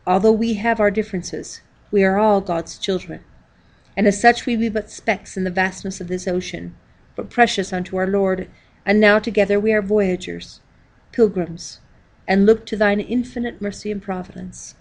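A woman's voice: mid-range voice, fairly even intonation, moderate pace, close to an everyday voice. A woman reading as a pious pilgrim leader praying. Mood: solemn. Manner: solemn old-fashioned prayer. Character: pious male pilgrim leader offering a prayer.

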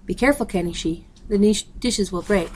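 A woman's voice: medium pitch, fairly quick, a little hiss or hum, close to an everyday voice. A woman reading aloud, voicing a caring mother in a storybook. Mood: gentle. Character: caring middle-aged mother.

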